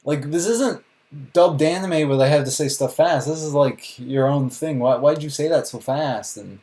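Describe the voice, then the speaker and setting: A man's voice: a little high, normal speed, warm tone. A young man hosting a live reaction video, incredulous and laughing, often asking "what?".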